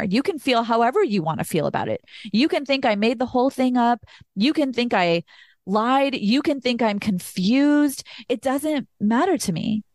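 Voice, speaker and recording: A woman's voice: mid-range voice, no echo, studio quality. Candid woman sharing personal healing story. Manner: candid and emotional, says "like" often, sometimes swears. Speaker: podcast host. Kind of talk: personal reflective monologue.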